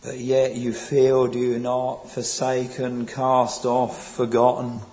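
A man preaching a sermon in a slow, earnest, pleading way, quoting old scripture. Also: medium pitch, monotone, darkish tone, low-quality recording.

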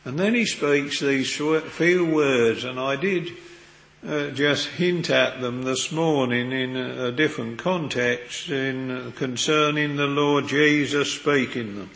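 A man's voice: mid-range voice, takes it slowly, a bit bright. A man preaching a sermon in an earnest, old-fashioned manner, quoting scripture, recorded in a chapel. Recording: echoey hall with long reverb.

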